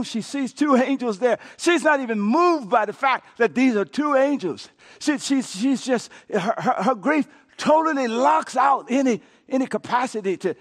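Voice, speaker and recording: High-voiced pastor preaching with dramatic swings. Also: male voice. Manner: dramatic, swinging from soft near-whispers to shouted peaks; stammering restarts. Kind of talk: sermon.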